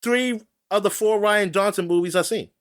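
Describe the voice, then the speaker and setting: A man's voice: high-pitched, normal speed. A man co-hosting a podcast in casual chat, jokey and swearing freely. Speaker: podcast co-host.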